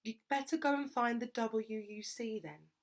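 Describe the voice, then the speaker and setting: A woman's voice: on the high side, a little slow, voice pushed up. A woman voicing a strict nun who speaks firmly and snaps at the girls. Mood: stern. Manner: firm, snapping. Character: strict middle-aged nun, stern.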